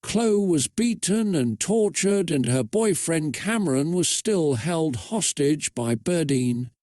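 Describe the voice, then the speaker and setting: A man reading a fan story aloud in a flat, steady way. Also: a little high, takes it slowly, no echo, studio quality. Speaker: narrator.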